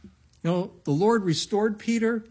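Husky-voiced man preaching a sermon. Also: sits high, measured pace. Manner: conversational preaching with lively acted-out quotes. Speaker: pastor.

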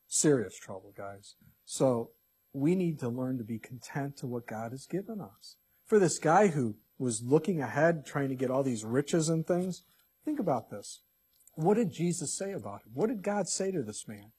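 A male pastor preaching a sermon, reading scripture and swinging between loud emphatic lines and hushed ones. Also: a little high, animated, moderate pace, slightly rough.

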